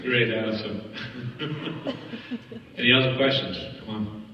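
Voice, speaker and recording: A man's voice: lowish voice, unhurried, a little hiss or hum. A man moderating a film Q&A, prompting the audience with brief questions. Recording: echoey hall from far off, dull audio.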